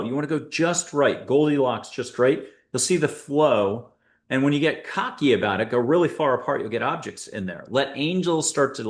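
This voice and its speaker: Guy talking listeners thru a spiritual exercise, jokey and upbeat, mid-pitched voice, tosses in little asides. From United States. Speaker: host and angel intuitive. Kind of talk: guided spiritual talk to listeners.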